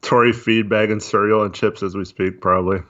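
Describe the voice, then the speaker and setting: A man chatting casually on a livestream, talking in a monotone with many fillers while reading chat. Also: fairly low pitch, a little fast. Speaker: podcast co-host. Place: voice only on a live stream. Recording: dull lo-fi stream audio.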